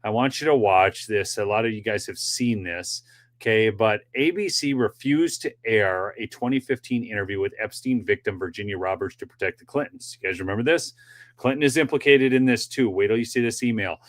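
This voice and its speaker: Chatty low-voiced male show host. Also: fairly quick. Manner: chatty, addresses viewers directly, frequent fillers. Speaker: political commentary show host. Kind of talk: casual livestream commentary.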